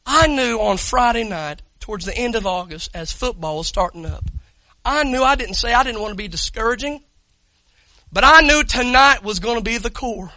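Brief: male preacher, very high voice, storytelling that bursts into shouting. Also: normal speed, dry recording, rough recording. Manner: swings from hushed storytelling to loud excited shouting; talks directly to the congregation, calls people up. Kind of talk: sermon.

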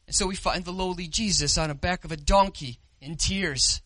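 A man preaching a sermon, swinging from loud declarations to soft, intimate appeals to the listeners. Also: high voice, moderate pace, dry recording. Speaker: pastor.

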